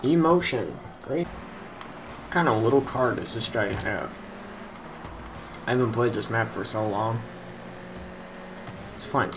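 A man's voice: mid-range voice, background noise. A young man commenting on his own gameplay, frustrated, muttering and swearing at his opponents. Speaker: gaming youtuber.

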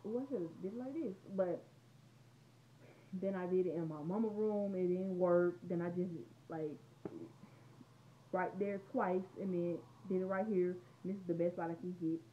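A woman's voice: on the low side, fairly even intonation, moderate pace, long pauses, slight background noise. A teenage girl rambling through a casual storytime vlog at home, chatty and conversational. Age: teens. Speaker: vlogger. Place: room at home. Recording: dull lo-fi home recording.

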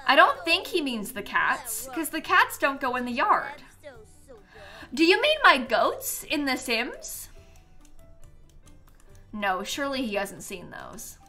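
A young adult woman chatting casually on a live stream, animated and prone to breaking into laughter. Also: high voice, slow pace, long pauses, soft background music.

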